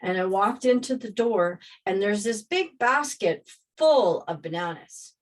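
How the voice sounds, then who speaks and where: A woman casually telling a personal story, rambling and animated as she re-enacts scenes. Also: mid-range voice, a little slow.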